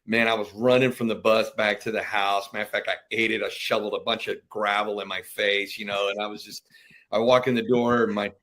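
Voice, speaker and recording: A man's voice: lowish voice, flat delivery, fairly quick, a bit bright. A middle-aged man, a veteran guest on a podcast, telling stories animatedly and acting out family members' voices. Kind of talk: casual storytelling interview.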